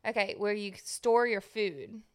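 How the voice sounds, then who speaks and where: A woman's voice: mid-range voice, animated, measured pace, smooth. A young woman with a Southern American accent, co-hosting a podcast in casual, giggly, teasing chat. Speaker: podcast co-host.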